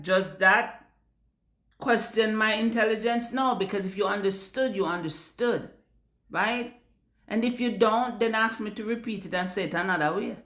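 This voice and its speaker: A woman's voice: mid-range voice, a bit bright, reverberant. A Jamaican woman speaking bluntly in a casual vlog rant, swearing freely and slipping into patois. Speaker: vlogger. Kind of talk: casual ranting monologue.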